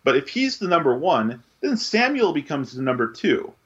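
A man co-hosting a casual sports podcast, talking through picks in a measured, analytical way with frequent fillers. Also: on the high side, sing-song, a bit bright, slightly rough, muffled recording. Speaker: podcast co-host.

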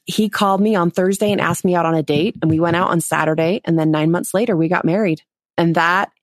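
A woman in her forties, a podcast guest, telling a personal story in an animated way, acting out quotes and laughing. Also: lowish voice, dry recording, studio quality. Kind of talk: storytelling interview.

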